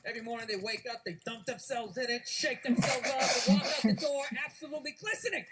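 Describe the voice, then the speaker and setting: A middle-aged man doing a stand-up comedy routine, ranting loudly with profanity and shouted outbursts. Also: very high voice, quick pace, over a noisy crowd.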